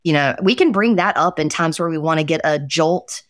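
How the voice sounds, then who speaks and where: A woman co-hosting a podcast, speaking in a heartfelt, reflective way. Her voice is low for a woman, and she is recorded close and dry. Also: fairly quick, dry recording. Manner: heartfelt, reflective, with affirming interjections. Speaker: podcast co-host. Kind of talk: casual chat on hope and mental health.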